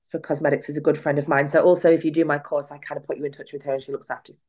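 A low-pitched woman talks as a podcast guest. She retells events in a chatty, animated way, slipping into quoted back-and-forth dialogue. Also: rapid-fire. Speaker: guest, clinic owner and cosmetic nurse. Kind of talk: casual storytelling in a podcast interview.

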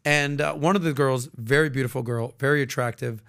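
A man hosting a podcast, telling stories in casual chat and acting out the people he quotes in loud, high voices. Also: fairly even intonation, brisk, vocal fry. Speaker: podcast host.

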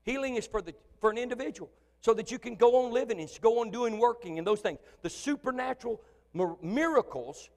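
A male pastor delivers a sermon, his voice pitched high for a man. He swings from loud, animated preaching down to quiet, chatty asides. The sound carries a long reverb, as from a church hall. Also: brisk. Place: church sanctuary.

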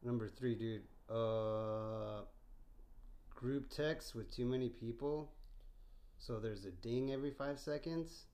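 A young man tells stories in easygoing slang, peppering them with swearing and laughter. His pitch is ordinary for a man. He talks like a buddy hanging out at a house. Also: slow, warm tone. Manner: laughs often, slangy, calls people bro and dude. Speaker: podcast co-host. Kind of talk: casual profane chat.

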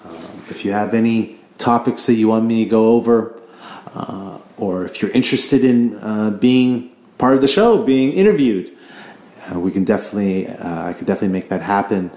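A man's voice: lowish voice, moderate pace, darkish tone. A man hosting a casual solo podcast, ranting in a rambling, profane way and stumbling over repeated words. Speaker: podcast host. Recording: echoey room.

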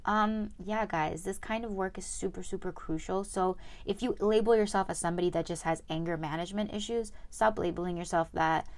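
A woman's voice: fairly low pitch, brisk, hardly any pauses. A young woman hosting her own podcast, chatting casually and upbeat with lots of fillers. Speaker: podcast host. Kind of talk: casual solo podcast chat.

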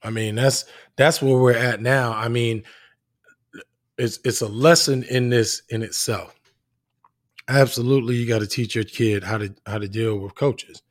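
Middle-aged father, casual earnest monologue, medium-pitched voice, dry close sound, rambles and restarts often. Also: steady tone, measured pace, dry recording. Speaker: parent of young athletes.

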